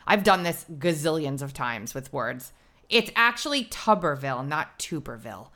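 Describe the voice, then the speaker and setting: A woman co-hosting a podcast in casual chat, animated, laughing often and swearing casually. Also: sits low, measured pace. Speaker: podcast co-host.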